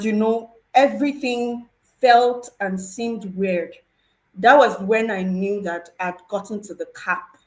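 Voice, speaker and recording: A woman's voice: medium pitch, rough recording. Earnest woman telling an emotional story. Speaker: program participant sharing testimony. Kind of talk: personal testimony on a panel talk show.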